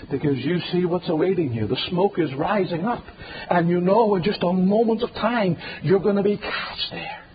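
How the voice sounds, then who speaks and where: A man preaching a fiery sermon, swinging between loud drawn-out declarations and hushed, low pleading. Dull, lo-fi recording with faint background hiss.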